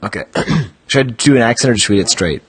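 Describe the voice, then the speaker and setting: A man's voice: medium pitch, expressive, quick pace, husky. A man hosting a podcast, chatting and reading descriptions aloud with amused mock gravity. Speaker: podcast host.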